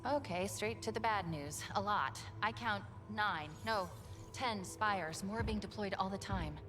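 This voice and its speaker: A woman voicing an eager, chatty female AI companion in a video game, talking brightly and playfully. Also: mid-range voice, a little slow, music in the background, lightly acted. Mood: briefing.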